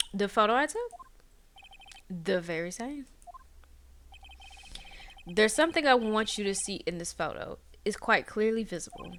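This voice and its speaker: Woman reading a determined young defense attorney from a game, pointed and bright. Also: medium pitch, a little hiss or hum. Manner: insistent, pointed.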